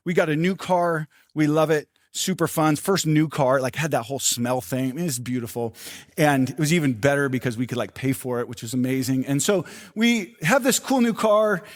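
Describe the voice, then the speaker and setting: An older male pastor delivers a sermon with lively storytelling, slipping into voices for the people he quotes. His voice sits a little high for a man. The sound is dry and close, with no room around it. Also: moderate pace, no echo.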